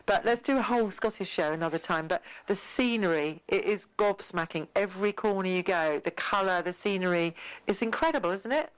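A woman co-hosting a radio show, chatting enthusiastically and rambling with excitement. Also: mid-range voice, brisk, clear, resonant tone, low-quality recording. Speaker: radio co-host. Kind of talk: casual radio chat.

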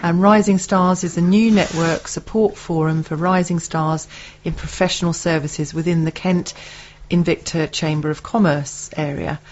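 A woman's voice: lowish voice, steady tone, moderate pace, darkish tone, lo-fi sound, a little hiss or hum. A woman co-hosting a local radio show, reading event announcements and teasing her co-host.

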